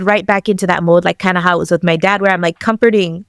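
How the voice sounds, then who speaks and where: A woman's voice: lowish voice, quick pace, clear, resonant tone, no echo, studio quality. A woman guest telling a personal story with emotion, acting out the dialogue as she goes. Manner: animated, acts out dialogue in quotes. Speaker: podcast guest.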